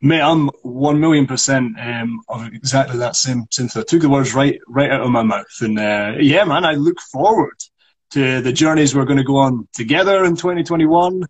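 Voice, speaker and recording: A man's voice: medium pitch, normal speed, breathy edge. A Scottish man and actor co-hosting a podcast, chatting easily and rolling his R's. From Scotland. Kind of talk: casual chat.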